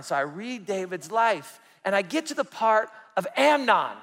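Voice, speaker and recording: A man preaching a personal testimony, telling it with animated storytelling that swings between loud and soft. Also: very high-pitched, big-room sound. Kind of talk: sermon testimony.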